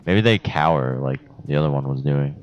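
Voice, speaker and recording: A young man giving profane, excitable commentary while playing a video game, talking trash at enemies. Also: rumbling low, normal speed, clear, resonant tone. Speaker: gameplay commentator. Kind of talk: let's play commentary. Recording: dull lo-fi sound.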